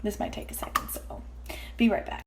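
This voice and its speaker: A woman's voice: brisk, heavy background noise. A woman hosting a casual home cooking vlog in her kitchen, chatty and rambling, with self-deprecating asides. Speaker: cooking vlogger.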